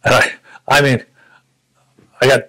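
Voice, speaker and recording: A man in his seventies from the United States, a veteran recalling his service in a reflective, halting way. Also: medium pitch, flat delivery, sharp tone, poor audio. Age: 70s. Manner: reflective, halting storytelling with frequent restarts. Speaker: Vietnam War veteran interviewee. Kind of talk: recounting personal memories.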